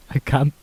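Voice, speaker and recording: A man co-hosting a call-in show, joking and giggling with callers. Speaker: co-host.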